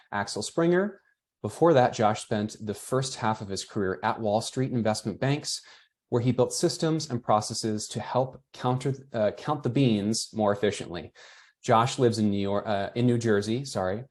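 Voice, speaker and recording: A man with a fairly low voice hosting an online webinar in a loose, chatty way. He moderates, greets people and reacts to their comments, speaking over a video call. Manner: chatty, reads out attendee comments.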